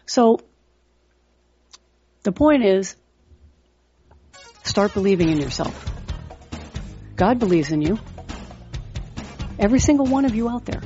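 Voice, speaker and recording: A middle-aged woman, a trading coach and podcast host, speaks in a high-leaning voice with a dark tone on a muffled recording. She gives earnest motivational talk and stories, filled with lots of "you know."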